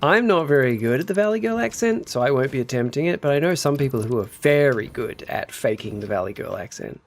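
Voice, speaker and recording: A man's voice: mid-range voice, lively intonation, fairly quick. A man casually chatting on a gameplay livestream, muttering to himself while building and answering his chat. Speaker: streamer.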